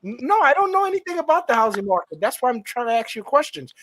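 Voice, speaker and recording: High-voiced New York man hosting. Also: sing-song, fast, a bit bright, slight background noise. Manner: teasing, stammering restarts. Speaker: livestream show host. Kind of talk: casual call-in chat.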